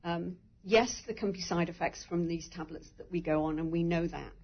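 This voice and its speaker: A woman's voice: fairly low pitch, steady tone, normal speed, muffled recording. A woman who survived breast cancer, sharing her story in a candid, rambling way and laughing through tears. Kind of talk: emotional personal story in a conversation.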